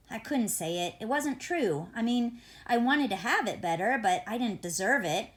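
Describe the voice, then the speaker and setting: A woman's voice: fairly high pitch, lively intonation, moderate pace, hardly any pauses. A woman reading a first-person novel aloud as an audiobook, in a conversational, wry and reflective manner. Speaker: audiobook reader.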